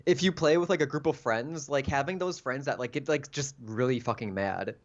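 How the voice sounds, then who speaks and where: A man co-hosting a podcast in casual chat, full of fillers, jokey and quick to laugh. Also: medium pitch. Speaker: podcast co-host. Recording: dull lo-fi mic.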